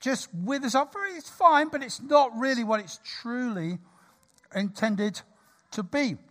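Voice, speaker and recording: A man in his sixties preaching a sermon in a church, lively, jokey and conversational. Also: extremely high pitch, measured pace. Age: 60s.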